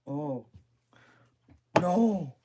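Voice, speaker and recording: A woman voicing a flustered, swearing uncle who rambles in dismay, muttering and half-whispering as he trails off, in a low voice. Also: lively intonation, very slow, noisy background, heavily acted.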